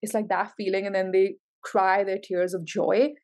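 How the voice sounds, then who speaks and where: Tarot reader, female, effusive and emotional, calls out cards with excited exclamations. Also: mid-range voice, moderate pace. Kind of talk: tarot reading to camera.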